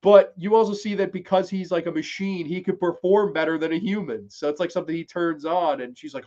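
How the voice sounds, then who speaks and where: A man's voice: sits high, darkish tone, muffled recording. A man hosting a podcast, casually recapping a TV episode in a rambling, profane way. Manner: rambling, profane, with quick acted quotes. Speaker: podcast host reviewing a TV series.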